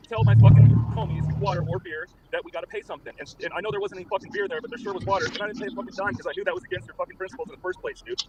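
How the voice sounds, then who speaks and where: A man with a slightly high voice rants at a very rapid clip, defensive and cursing constantly. Noticeable background noise runs under his voice. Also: fairly even intonation. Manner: rapid, heavily profane, defensive ranting. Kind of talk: casual livestream chat.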